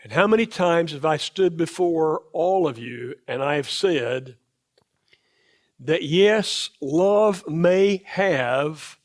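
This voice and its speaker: A man preaching from the pulpit in a church sanctuary. His voice sits fairly high for a man, and he takes his time, leaning on each phrase and repeating the important ones. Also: a little mellow. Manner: slow, emphatic, repeats key phrases. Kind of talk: sermon.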